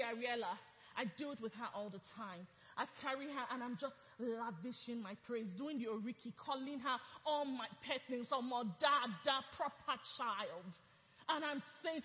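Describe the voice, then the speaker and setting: A woman pastor, preaching a sermon with impassioned force that builds to shouted declarations. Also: high voice, normal speed. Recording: dull, echoey church hall recording.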